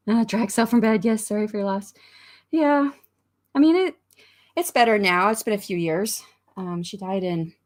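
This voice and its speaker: A middle-aged woman hosting a livestream, chatting casually, reading out comments and rambling with frequent restarts and small laughs. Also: fairly low pitch. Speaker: livestream host of writing sprints.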